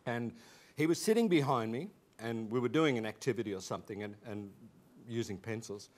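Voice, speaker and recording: Lively Australian man telling anecdotes. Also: medium pitch, brisk. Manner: animated, laughing, many restarts. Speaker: alumnus recalling school days. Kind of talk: casual anecdotal storytelling.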